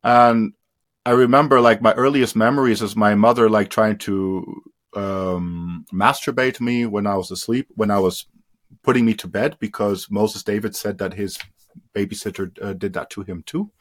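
As an interview guest, an adult man raised in India shares personal testimony in a lowish voice. His speech is halting and full of fillers and restarts, and his sentences tend to fade out quietly.

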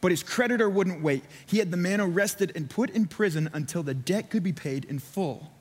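In a church sanctuary, a pastor preaches a casual, conversational sermon full of "like," acting out voices for the people in his story. His voice is high-pitched and husky at a moderate pace, and the recording has church hall reverb.

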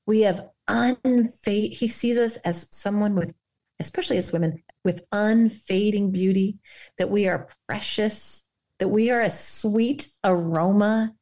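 A woman guest on a faith podcast, speaking earnestly and guiding listeners through a quiet reflection. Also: medium pitch, unhurried.

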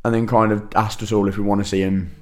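A man co-hosting a podcast, telling animated stories in casual chat and swearing freely. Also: on the low side, quick pace. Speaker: podcast co-host.

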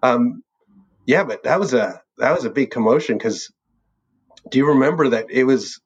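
Husky man reminiscing with easy laughs. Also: medium pitch, lively intonation, moderate pace. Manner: rambling, laughs often between phrases. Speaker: birding tour leader. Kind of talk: casual reminiscing chat. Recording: dull lo-fi sound.

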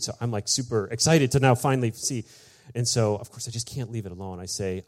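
A man, the pastor, telling a personal story in a sermon, chatty and full of "like" and "you know", acting out each quoted line with big jumps in his voice. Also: fairly quick. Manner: animated storyteller, acts out quoted lines with big pitch jumps; casual, many fillers like "like" and "you know".

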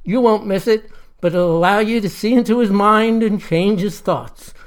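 A narrator voicing the solemn ghost of an old statesman who speaks in a measured, earnest way. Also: sits high, clean tone, lightly acted.

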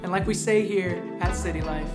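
Female announcer, lower voice, scripted church outro read over a loud music bed. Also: moderate pace.

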